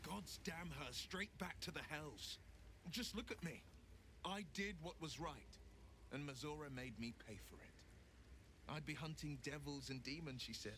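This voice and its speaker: Brief: proud young warlock hero, formal and steady, game dialogue with hiss. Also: male voice, fairly high pitch, measured pace. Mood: bitter.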